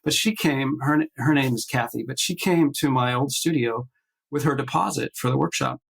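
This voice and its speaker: A man speaking on a video call as a guest artist, telling stories haltingly with many fillers and restarts, acting out the voices of the people he quotes. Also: medium pitch, vocal fry, husky, low-quality recording. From based in Nashville. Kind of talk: casual interview storytelling.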